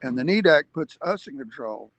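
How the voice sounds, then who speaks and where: A man speaks earnestly on a livestream, laying out his argument step by step and pressing hard on key points between hesitant fillers. His voice sits slightly high for a man, and the sound is close and dry with no room echo. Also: animated, moderate pace. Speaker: activist speaker. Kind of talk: livestream advocacy talk.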